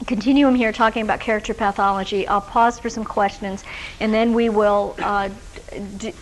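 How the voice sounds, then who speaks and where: A mid-range female voice with fairly even intonation and normal speed delivers a recorded workshop lecture to social workers in a lecture room with a live audience. She's conversational, using fillers and restarts and sharing personal anecdotes, and the rough recording carries a little hiss or hum.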